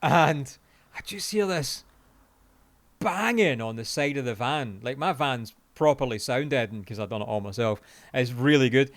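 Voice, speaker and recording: A Scottish man in his forties, a podcast co-host telling a long anecdote in casual chat, animated and sweary, laughing as he goes. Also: mid-range voice, moderate pace, no room sound. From Scotland.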